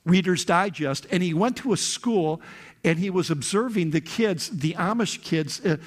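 Man preaching, slow to loud bursts. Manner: swings from soft, slow confiding to loud, high outbursts. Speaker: pastor. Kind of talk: sermon. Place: church hall before a congregation.

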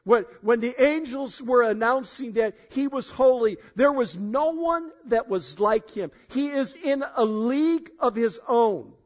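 High-voiced preacher, loud then hushed. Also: male voice, lively intonation, a little slow, few pauses. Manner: emphatic, swings between loud declarations and low asides; addresses congregation directly, asks for show of hands. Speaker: pastor. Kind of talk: sermon. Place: church in front of a congregation. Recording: dull, lo-fi sound.

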